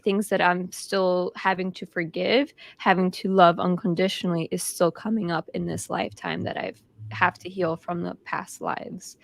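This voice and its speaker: A reflective woman shares personal experiences of healing in a low voice with a gravelly edge. She talks in a searching, personal way. The sound is dry, with no room echo. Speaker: co-host. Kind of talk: spiritual self-help conversation.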